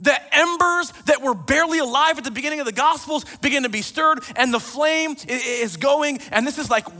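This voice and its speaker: A man preaching a sermon as a pastor, retelling scripture in an animated storytelling way. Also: very high-pitched, a little fast, few pauses. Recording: long reverb of a large hall.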